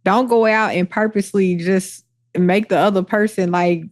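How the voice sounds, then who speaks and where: A woman co-hosting a casual podcast chat, animated and quick to chime in and laugh. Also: medium pitch. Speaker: podcast co-host.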